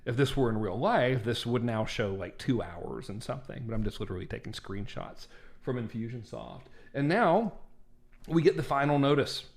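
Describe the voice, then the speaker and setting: A man's voice: mid-range voice, animated, moderate pace, gravelly. Chatty male marketing instructor. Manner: chatty, self-deprecating, lots of "right?" and "like". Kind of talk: casual screen-share walkthrough.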